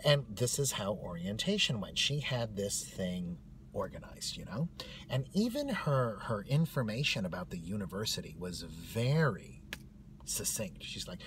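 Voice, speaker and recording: Animated male comic storyteller. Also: on the low side, unhurried, a little hiss or hum. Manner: animated, wry.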